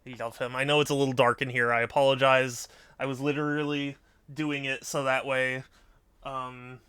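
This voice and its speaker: A man's voice: medium pitch, flat delivery, moderate pace, bright, forceful tone, smooth, no room sound. A man streaming a game who talks casually and often coos baby talk to his cat. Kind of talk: casual live-stream chat. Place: dim room indoors. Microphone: desk microphone on a stand.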